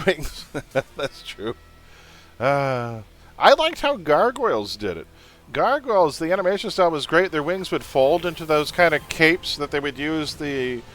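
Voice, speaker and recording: A man's voice: a little high, lively intonation, normal speed, fairly bright tone. Chatty man streaming a game over music. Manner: chatty, blunt, venting with laughs. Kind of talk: casual gaming livestream chat.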